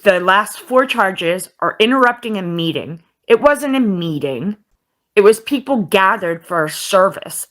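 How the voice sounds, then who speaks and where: A woman's voice: mid-range voice, fairly bright tone. A woman venting to her viewers, frustrated and holding back tears. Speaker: video auditor. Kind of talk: vlog clip.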